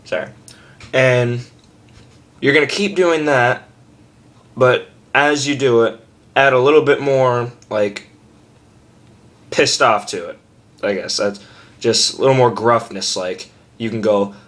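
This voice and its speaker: A man's voice: mid-range voice, slow, long pauses, a bit bright. A young man giving a casual screaming tutorial at home, rambling and cursing freely, joking at his own expense. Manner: rambling, profane, self-deprecating.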